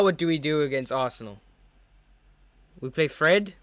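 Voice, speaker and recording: Excitable young football fan. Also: male voice, a little high, moderate pace, clear, resonant tone, no echo. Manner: excitable fan reactions, chatty. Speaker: football watchalong host. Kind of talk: live match watchalong commentary.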